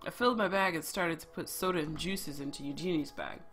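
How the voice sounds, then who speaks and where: A game streamer reading a story game's narration aloud, with quick asides of their own. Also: mid-range voice, a bit bright, faint music behind.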